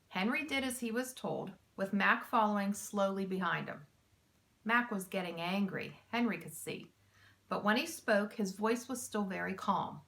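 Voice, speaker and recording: A teacher reading a children's chapter book aloud, with slow, expressive storytelling. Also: female voice, mid-range voice, vocal fry.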